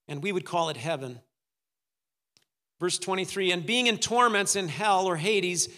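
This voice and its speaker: A man's voice: sits high, sharp tone, in a large hall. A man preaching a sermon, dramatic, acting out the voices of the story's figures. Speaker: pastor.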